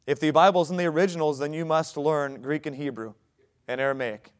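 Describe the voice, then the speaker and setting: Smooth-voiced man preaching a sermon. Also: on the high side, steady tone, brisk. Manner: conversational preaching, rising to emphatic points. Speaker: pastor.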